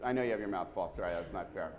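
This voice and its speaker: A man leading a lively seminar quiz, putting questions to a live audience and often repeating himself as he goes. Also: low-pitched, racing. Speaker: seminar speaker running a quiz. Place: conference room with a live audience.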